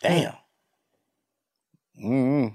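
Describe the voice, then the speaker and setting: A man's voice: medium pitch, extremely slow. A man hosting a casual podcast, telling stories in slangy, profane talk and acting out bits of scenes. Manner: animated, slangy, profane storytelling. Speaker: podcast host.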